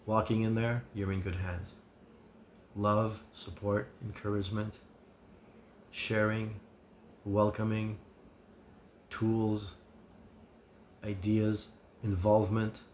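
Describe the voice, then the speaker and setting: A man giving an earnest advice monologue as a recovery vlogger, sincere and measured, listing his points with pauses. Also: lowish voice, flat delivery, darkish tone, a little hiss or hum.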